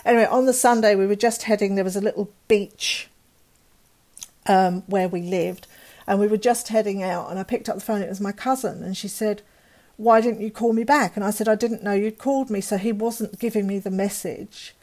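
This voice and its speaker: A woman's voice: medium pitch, steady tone, a little fast, a little mellow. Woman, middle-aged, mid-range voice, candid emotional storyteller who quotes others. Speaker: guest. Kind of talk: personal storytelling in conversation.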